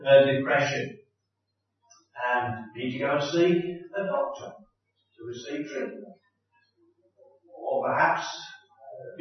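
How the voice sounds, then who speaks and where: A man preaching a sermon as a pastor, reading scripture aloud and then speaking in a measured, deliberate way with frequent restarts. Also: fairly high pitch. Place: church hall. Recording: echoey hall from far off, dull sound.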